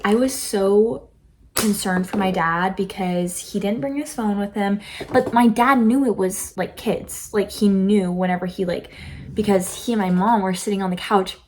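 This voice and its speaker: A woman's voice: mid-range voice, normal speed, a little mellow, a little hiss or hum. A teenage girl vlogging from her bedroom, telling a story casually and emotionally, with lots of fillers. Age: teens. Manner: rambling, filler-heavy, emotional retelling.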